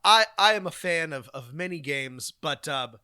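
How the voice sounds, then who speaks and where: A man's voice: fairly high pitch, animated, moderate pace, bright, forceful tone, smooth, dry recording, clean studio sound. A man co-hosting a podcast in casual chat, rambling and hesitant with many ums and restarts. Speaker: podcast co-host.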